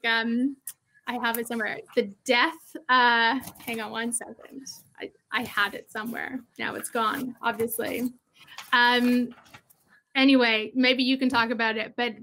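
A woman's voice: a little high, sharp tone, slight background noise. A woman hosting a livestream interview over a video call, speaking in a casual, chatty way with many fillers. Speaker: host, interviewer.

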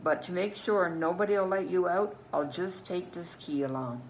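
A woman with a Newfoundland accent reading the lines of a gruff male thief ringleader, growling and sneering. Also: on the low side, normal speed, slight background noise, natural voice, rough recording. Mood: sneering threat.

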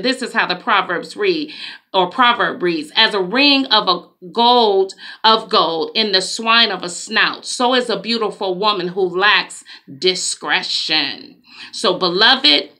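A woman preaching in a slow, emphatic, conversational way, with dramatic asides. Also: medium pitch, sharp tone. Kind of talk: preaching monologue.

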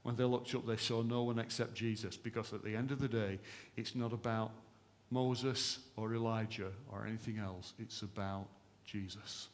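A man preaching a sermon at a church service, impassioned and emphatic, swinging between raised fervent lines and hushed ones. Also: on the low side, steady tone, moderate pace, few pauses. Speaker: pastor.

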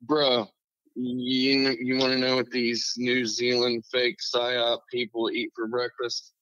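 A man calling in to a podcast, excited and talking fast as he tells his bit in casual chat. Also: medium pitch, no room sound, muffled recording. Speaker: caller.

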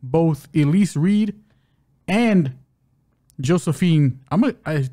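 A man's voice: fairly high pitch, lively intonation, slow pace, mellow. A man co-hosting a podcast, previewing fights in a loose, joking way and stumbling over names. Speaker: co-host of a fight-betting podcast.

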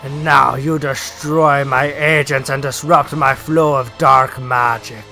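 A man voicing a menacing undead male pirate master in a game, with a slow, growled villain delivery. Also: medium pitch, steady tone, creaky, bright, forceful tone, faint music behind, heavily acted. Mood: wrathful. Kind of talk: let's play dialogue reading.

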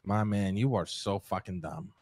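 A man's voice: fairly low pitch, lively intonation, normal speed, creaky, darkish tone, no echo. A man in a heated improvised roleplay, berating another with exasperated, heavy swearing. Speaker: crew member in roleplay.

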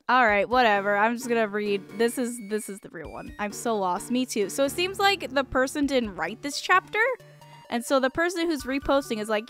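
A woman streamer reading a fan fiction aloud, breaking off for dry, mocking asides. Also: fairly high pitch. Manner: dry, mocking asides between read passages.

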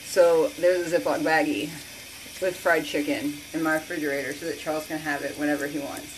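A woman hosting an excited sales chat for viewers, gushing and repeating phrases for emphasis with breathless exclamations. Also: low-pitched, fairly quick, noisy background. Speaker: host selling beauty products.

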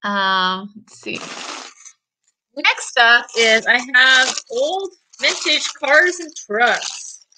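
A woman's voice: high voice, drawn-out words, noisy background. A middle-aged woman hosting a casual live sale of vintage items, chatty and rambling as she answers viewer comments and laughs often.

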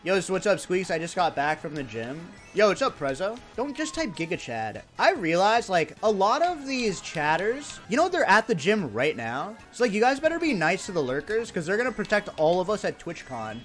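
An excitable young man from India chats with his stream viewers while he plays. His voice sits high and swings widely, jumping from bursts of shouting to mutters. He jokes and swears freely. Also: moderate pace, few pauses, faint music behind. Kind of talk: casual livestream chat.

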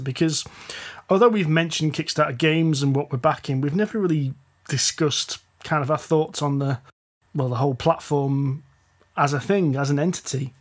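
A man with a Northern English accent hosting a board game podcast, chatty and rambling, often laughing. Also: on the high side. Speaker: podcast host. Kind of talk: casual chat.

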